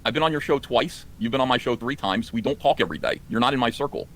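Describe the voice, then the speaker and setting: A man's voice: mid-range voice, fast talker, fairly bright tone. A man reacting to clips on a live stream, exasperated and ranting, his voice climbing when indignant. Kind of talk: heated live stream commentary.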